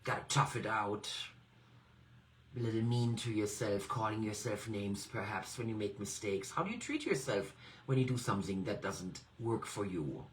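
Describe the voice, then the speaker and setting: Animated woman guiding a coaching exercise. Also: rumbling low, moderate pace, a little hiss or hum, rough recording. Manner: gentle, encouraging, invites the listener directly. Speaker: NLP coach. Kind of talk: guided self-reflection exercise.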